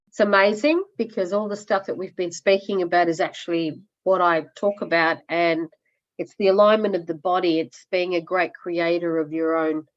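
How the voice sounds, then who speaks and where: Woman, lowish voice, loud and blunt, animated, coaching call, muffled lo-fi audio. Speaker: coaching client sharing progress. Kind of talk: casual group coaching call.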